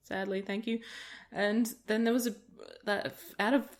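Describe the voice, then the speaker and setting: A woman's voice: medium pitch, steady tone, normal speed. A woman chatting casually while playing a game, rambling through stories and laughing often. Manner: rambling anecdotes with frequent laughter. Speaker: gaming video creator. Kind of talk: casual let's-play chat.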